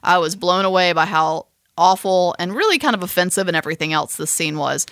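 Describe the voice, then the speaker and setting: A woman co-hosting a podcast, telling a story in an animated, emphatic way. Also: fairly low pitch, brisk, clean tone, no echo, clean studio sound. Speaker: podcast co-host. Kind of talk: casual chat.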